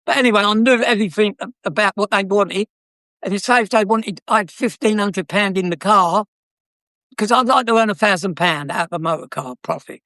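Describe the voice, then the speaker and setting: A man's voice: high-pitched, brisk, sharp tone, dry recording, studio quality. An older man with a South London accent, a former car dealer telling stories in a chatty, cheeky way with frequent laughs. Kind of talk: anecdotal storytelling.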